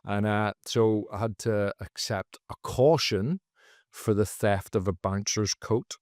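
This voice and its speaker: A man, a comedian guest on a podcast, telling a story casually and jumping into high, loud voices for the people he quotes. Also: steady tone, slow pace, no room sound, studio quality. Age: adult, former teacher.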